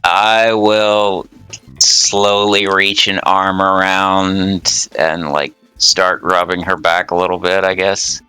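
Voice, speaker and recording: A man playing a tabletop game, answering in short, low-key replies. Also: little pitch movement, slow, sharp tone, smooth, no echo, faint music behind. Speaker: player. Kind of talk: casual tabletop play.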